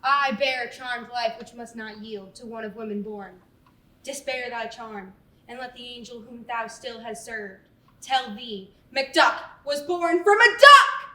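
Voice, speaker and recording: A woman playing a bombastic stuffed-animal Macbeth, full of shouty mock-Shakespearean bravado for stage comedy. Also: fairly high pitch, steady tone, unhurried, reverberant, distant mic, low-quality recording. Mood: boastful.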